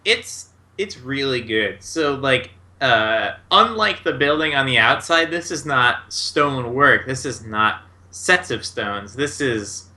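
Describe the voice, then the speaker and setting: A man acting as game master, describing the scene for his players. He talks slowly and loosely, with plenty of fillers. His voice is bright and sharp. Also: mid-range voice, expressive. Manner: casual, heavy with fillers and 'like'.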